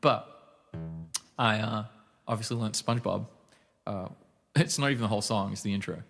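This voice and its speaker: A man's voice: fairly low pitch, normal speed, vocal fry. A man streaming live, chatting casually with his viewers between songs and talking to them by name. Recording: long reverb with loud guitar playing. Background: loud acoustic guitar.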